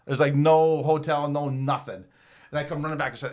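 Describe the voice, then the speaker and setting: A man's voice: on the high side, a little fast, a little hiss or hum. A man from Northern New York, telling a story in a casual podcast chat and acting out the people in it. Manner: animated, laughing, lots of acted quotes. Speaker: podcast co-host.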